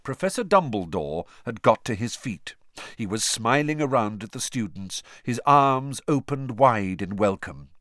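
A man narrating an audiobook in an expressive storytelling manner. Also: on the low side, measured pace, no room sound, studio quality. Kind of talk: scripted narration.

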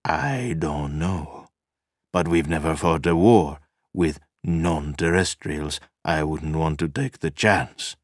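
A man reading an audiobook, voicing a weary, cynical man who speaks flatly and remotely. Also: very deep voice, takes it slowly, no echo, studio quality, full character voice. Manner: tired, flat and remote.

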